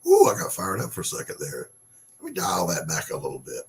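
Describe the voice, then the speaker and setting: A low-voiced man holds forth in a blunt, sarcastic rant, with frequent swearing. He keeps the casual talk of a host speaking off the cuff. A faint hiss of noise sits under his voice. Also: huge pitch swings, fairly quick. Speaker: podcast host. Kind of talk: casual opinion monologue.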